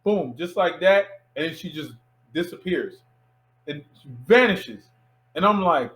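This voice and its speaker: A man in his thirties from Miami, a filmmaker guest telling a lively anecdote in a casual interview and acting out the voices of people in it. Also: fairly high pitch, takes it slowly, poor audio. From Miami, USA. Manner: animated anecdote teller who acts out quoted voices.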